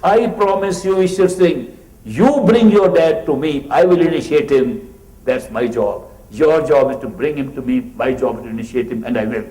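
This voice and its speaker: A man's voice: mid-range voice, fairly even intonation, brisk, few pauses, mellow, close to an everyday voice. A man playing a firm, commanding spiritual master. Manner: raised, emphatic commands. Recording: roomy echoey room.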